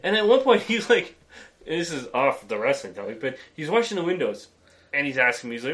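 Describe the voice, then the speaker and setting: Animated laughing man telling a story. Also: a little high, fairly quick. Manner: animated storyteller, acts out voices, swears, laughs often. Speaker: podcast co-host. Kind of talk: casual wrestling chat.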